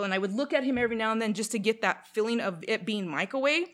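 This young woman from Canada talks quickly in a slightly high voice. Her long, casual personal story is animated, with plenty of fillers and quotes she performs aloud.

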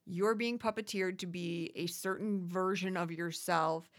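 A woman co-hosting a podcast, chatting casually and quickly about a reality show, swearing freely. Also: fairly low pitch, fairly even intonation. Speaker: podcast co-host.

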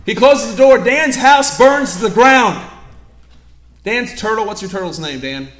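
Preacher guy, high bright voice, lively storytelling sermon in an echoey church. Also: a little slow. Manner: animated storytelling, acting out scenes. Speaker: pastor. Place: church sanctuary.

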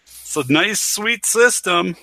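A man's voice: high voice, lively intonation, takes it slowly, creaky, sharp tone, poor audio. A man who is a podcast guest, talking in an easygoing way into a plug-in computer mic. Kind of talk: casual podcast chat.

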